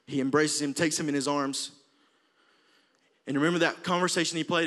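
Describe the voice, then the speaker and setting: Passionate Alabama preacher with a bright voice. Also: male voice, on the high side, steady tone, fairly quick. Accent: Southern US, Alabama. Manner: passionate, swells from quiet to near-shouting. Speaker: youth preacher. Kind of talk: sermon.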